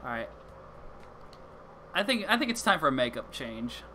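A man chatting through a video game playthrough with a bright, sharp edge to his voice. His pitch bounces around a lot as he jokes and swears, often tripping over his own sentences. A faint hum sits underneath. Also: big pitch swings, normal speed. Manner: joking, swears often, many restarts. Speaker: gamer playing through a game. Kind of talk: casual let's-play commentary.

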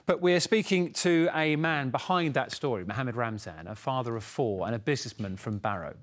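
A male news presenter introducing a story and asking measured, probing questions in an interview. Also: mid-range voice, lively intonation.

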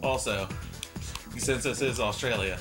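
Male gamer commentator, rambling and self-deprecating, average pitch, clear background music. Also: measured pace. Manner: rambling, self-mocking, chatty. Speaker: let's play commentator. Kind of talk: casual gameplay commentary.

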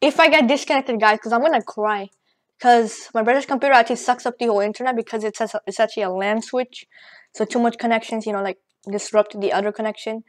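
A woman rambling excitedly through casual gameplay commentary, out of breath and joking as she goes. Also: on the high side, fast talker. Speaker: gaming channel host. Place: at home at a computer.

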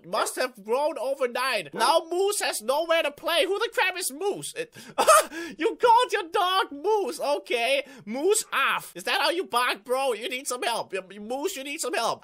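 A young man hosting a gaming channel, giving excitable, jokey let's-play commentary and reading game text aloud. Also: very high-pitched.

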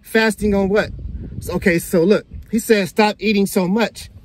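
High-voiced man reacting with animated commentary. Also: moderate pace, slight background noise. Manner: animated, laughing, talks straight to viewers. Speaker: reaction video host. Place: outdoors in the sun.

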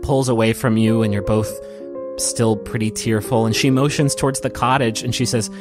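Brief: a male game master gently narrating an emotional scene, mid pitch, over soft guitar. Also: fairly even intonation, moderate pace. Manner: soft, emotional storytelling with restarts.

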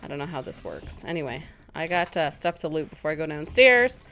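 A woman's voice: deep voice, sing-song, fairly bright tone. Chatty woman narrating her game. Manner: chatty and self-mocking, quickly startled into yelps. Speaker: gaming channel host. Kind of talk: casual let's-play commentary.

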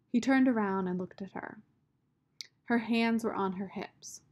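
A woman narrating a children's novel aloud in a measured storytelling manner. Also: on the high side, darkish tone. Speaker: audiobook narrator.

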